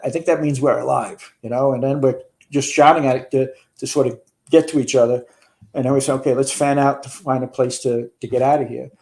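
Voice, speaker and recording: Older New man, retired fire chief guest, warm low-key tone, casual storytelling. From New York. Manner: rambling with frequent restarts and swearing.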